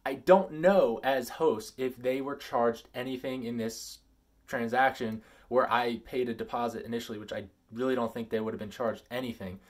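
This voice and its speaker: Animated man reading out an email. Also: normal speed. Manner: animated and emphatic, swinging between loud stresses and low asides. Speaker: vlogger. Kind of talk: casual vlog talk, reading out an email.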